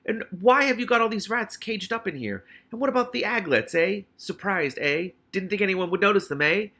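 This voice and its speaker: A man voicing a haughty, sharp-tongued young girl who snaps indignantly, in an audiobook reading. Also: high-pitched, expressive, a little fast, voice pushed up, heavily acted. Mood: accusing. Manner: snapping, indignant.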